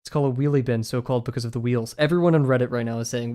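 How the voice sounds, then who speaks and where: A man's voice: medium pitch, steady tone, rapid-fire, few pauses, warm tone. A young man chatting casually while he draws on a livestream, rambling and giggling with lots of filler words. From United States. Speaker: streamer.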